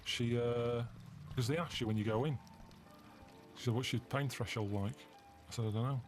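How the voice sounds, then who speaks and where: A man in casual chat, telling rambling deadpan stories. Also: mid-range voice, moderate pace, faint music behind. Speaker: podcast guest.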